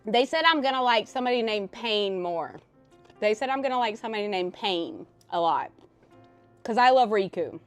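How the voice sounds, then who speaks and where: A woman game streamer chatting casually on a live stream and telling stories animatedly, her voice swinging between loud and soft. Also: mid-range voice, expressive, moderate pace, soft background music.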